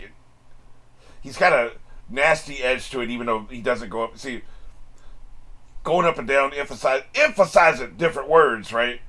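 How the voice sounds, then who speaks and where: A man's voice: medium pitch, sharp tone. A man hosting an anime reaction channel, giving casual, wisecracking commentary with plenty of swearing and frequent chuckles.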